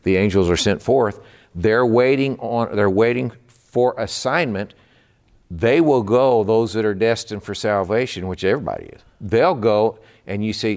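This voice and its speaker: Fervent low-voiced male preacher. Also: moderate pace, darkish tone. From Texas. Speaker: pastor. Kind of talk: sermon.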